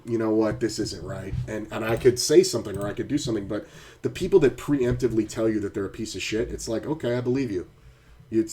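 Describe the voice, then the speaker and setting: A middle-aged man talks at a home desk mic in a loose, profane live-stream ramble, launching into angry stories. His voice sits low and mellow. Faint keyboard clicks and room hum sit behind him. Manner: profane, ranting storyteller. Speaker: poker streamer. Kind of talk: casual live-stream chat.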